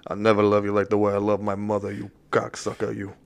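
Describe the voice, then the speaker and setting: A man's voice: fairly low pitch, completely flat delivery, quick pace, gravelly, clear, resonant tone. A man voicing a brash, hot-tempered Italian-American wizard, ranting and swearing. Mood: indignant.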